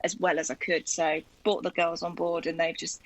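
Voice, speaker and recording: A woman's voice: on the low side, little pitch movement, normal speed, no echo, low-quality recording. A woman with a South London accent, chatting enthusiastically as a podcast guest. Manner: chatty and enthusiastic, many "like"s and "you know"s. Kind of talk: casual chat.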